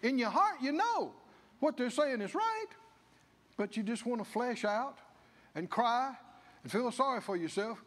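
Male pastor, folksy sermon delivery, high animated voice. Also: unhurried, long pauses, long reverb tail. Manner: folksy, acts out the people's grumbling in character voices. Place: church.

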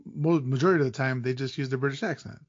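Man, husky voice, podcast host, eager trivia explaining, muffled lo-fi audio. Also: medium pitch, quick pace. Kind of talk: casual podcast chat.

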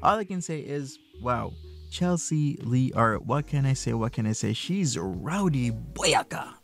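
A man's voice: medium pitch, animated, moderate pace, creaky, soft background music. A man hosting a reaction commentary video, mocking and full of rhetorical questions. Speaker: commentary YouTuber.

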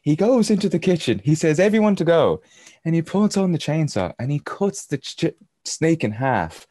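A man's voice: a little high, lively intonation, moderate pace, mellow, no room sound. A man, a podcast guest, telling a rambling travel anecdote in casual storytelling style and chuckling as he goes.

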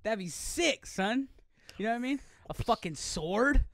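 A young man riffing in a casual comedy podcast chat, brash and profane, quick to laugh. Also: high voice, animated, a bit bright, no echo, studio quality. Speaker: podcast co-host.

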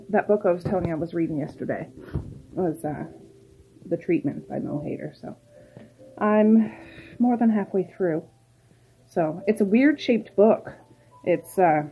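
Chatting through her day, this Nova Scotian woman, a middle-aged vlogger, wanders from topic to topic for the camera and addresses her pets and birds. She has a warm, medium-pitched voice, captured in a rough recording.

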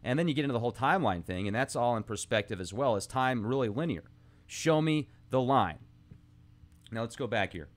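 A man's voice: mid-range voice, lively intonation, fairly quick. A man hosting a podcast, musing aloud in a rambling, casual monologue with asides, reading old texts aloud between his thoughts. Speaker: podcast host.

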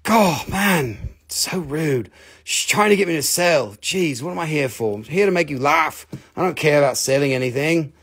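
Male host of a live sale stream: gravelly, fairly high voice, rambling jokester who swears. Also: lively intonation, normal speed, fairly bright tone. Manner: joking, rambling, swears freely, teases himself. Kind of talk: casual live selling chat.

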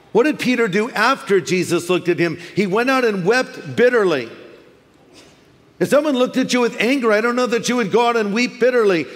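Man, pastor, Californian accent, sermon, slightly high voice, animated, big hall reverb. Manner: animated, acts out quoted voices with humor. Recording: long reverb of a large hall.

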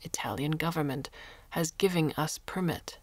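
Impassive stubborn diver played by a woman, hushed halting broken English, low voice, dry sound. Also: no room sound. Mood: calm insistent. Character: impassive foreign male diver, polite and stubborn.

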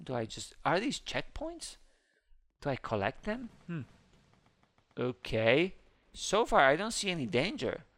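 A man hosting a casual let's-play, commenting on a game as he plays. He is excitable, swinging between squealing high exclamations and low muttering. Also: gravelly. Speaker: gaming channel host.

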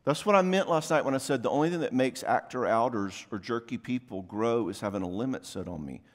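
A man giving a casual workshop talk at a marriage conference in a church, conversational and full of quick asides. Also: medium pitch. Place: church venue, live talk. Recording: long hall reverb.

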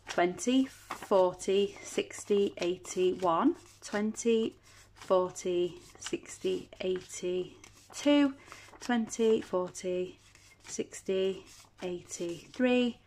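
A woman chatting casually at home as a budgeting vlogger, counting banknotes aloud in a steady patter. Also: medium pitch, a little hiss or hum. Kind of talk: casual chat while counting cash.

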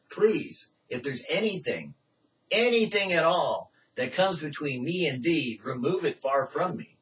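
A man preaching a sermon with passion, swinging from loud cries to hushed pleading in a church. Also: on the high side, sing-song, unhurried. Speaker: pastor. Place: church sanctuary. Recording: distant, muffled church recording.

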